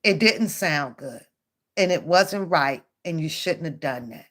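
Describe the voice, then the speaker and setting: A woman's voice: low voice, expressive, unhurried. A woman hosting a reaction channel, giving blunt, profane commentary on a clip and laughing often.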